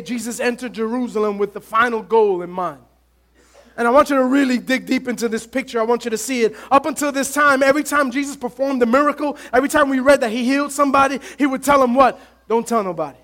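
A man's voice: very high-pitched, fairly even intonation, fast talker, a bit bright. A male pastor preaching a sermon to his congregation, impassioned and calling out to the church.

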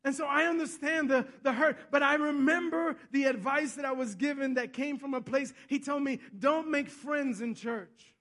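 Very high-voiced bright male preacher. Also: steady tone, a little fast, hardly any pauses. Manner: storytelling, repeats himself, asks the congregation "Amen?"; swings between soft and loud. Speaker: pastor. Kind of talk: sermon.

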